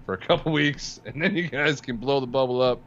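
Male sports podcast co-host, sarcastic and wry, mid-pitched, dull lo-fi recording. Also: a little fast, fairly bright tone. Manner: dry, sarcastic, laughs while talking. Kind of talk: casual sports podcast chat.

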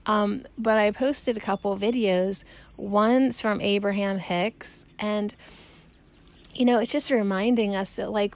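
A woman hosts her podcast in a loose, rambling chat, laughing often as she goes. Her voice carries a gravelly fry at mid pitch. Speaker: podcast host. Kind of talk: casual solo chat. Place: outdoors on a porch.

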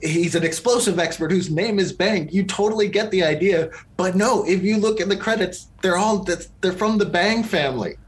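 A man with a fairly high voice, chatting loosely as a podcast co-host. He wanders through his thoughts, circling back and restarting sentences as he reviews a film. The talk is relaxed and unscripted. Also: moderate pace, hardly any pauses. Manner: rambling, lots of fillers and restarts. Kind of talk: casual movie review chat.

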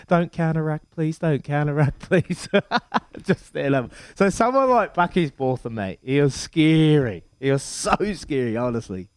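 Animated man telling stories. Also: mid-range voice, no room sound. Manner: animated storyteller, many repeats and "mate". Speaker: former rugby player, podcast co-host. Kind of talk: casual podcast chat.

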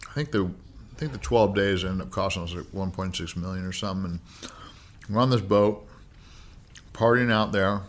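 A man's voice: low-pitched, moderate pace, pauses often. An American man in his thirties, a podcast guest telling stories in a laid-back way, swearing often and filling with "like" and "you know". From United States. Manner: laid-back, heavy swearing, many fillers. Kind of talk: casual storytelling.

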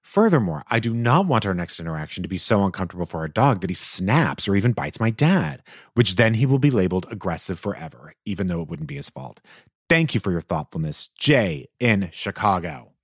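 A man hosting an advice podcast, reading a listener's letter aloud with animated, expressive delivery and the odd aside. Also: low-pitched, a little fast, slightly rough, dry recording, studio quality.

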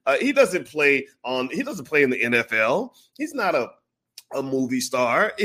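Animated man telling a story. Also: fairly high pitch, unhurried. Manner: animated, acts out the people in his stories. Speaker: vlogger. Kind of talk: casual storytelling.

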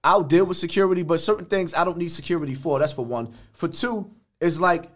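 Blunt older New man, high voice. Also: a little fast. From the Bronx, New York. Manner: blunt street talk with frequent restarts. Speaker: guest. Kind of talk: podcast interview.

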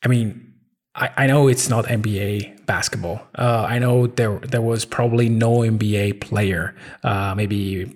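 A man in his thirties with an Italian accent, chatting casually as a podcast co-host, halting with many ums and restarts. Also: lowish voice, fairly even intonation. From Italy. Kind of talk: casual chat.

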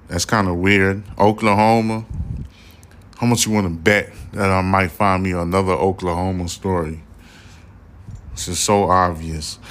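A man hosts his own podcast from Houston and talks straight into the mic in a fairly low voice. His delivery is loud and profane, and he rants in a cynical, offhand way. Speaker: podcast host. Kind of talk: solo podcast commentary. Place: Houston, Texas.

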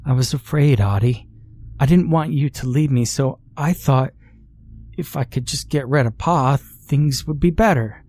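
A man voicing a timid, sheepish little girl who pleads softly in a raised voice. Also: medium pitch, unhurried, voice pushed up, close to an everyday voice. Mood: timid pleading.

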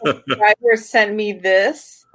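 A woman's voice: mid-range voice, slow. A woman guest in casual podcast chat, who laughs often between her remarks.

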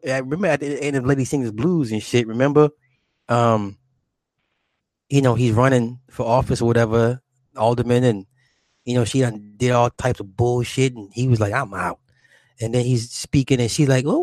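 A man's voice: medium pitch, a little mellow, no room sound. A man chatting casually on a livestream, rambling and profane, laughing often. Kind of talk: casual chat.

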